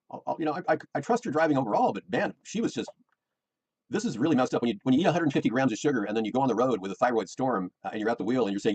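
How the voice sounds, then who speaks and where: A man's voice: medium pitch, lively intonation, racing, husky, low-quality recording. A middle-aged American man, rambling and defensive, repeating himself as he complains about his personal life. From United States.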